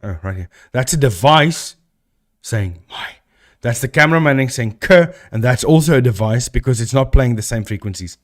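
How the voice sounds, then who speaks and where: Chatty animated man streaming live. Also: mid-range voice, normal speed. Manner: chatty, talks to chat and thinks aloud. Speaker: live-stream host debunking ghost videos. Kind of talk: casual live-stream commentary.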